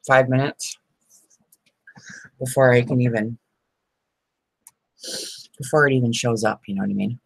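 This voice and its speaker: A woman's voice: very deep voice, unhurried, vocal fry, long pauses, slightly rough, low-quality recording. A middle-aged woman chatting casually on a crafting live stream, rambling and laughing often. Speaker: crafting vlogger.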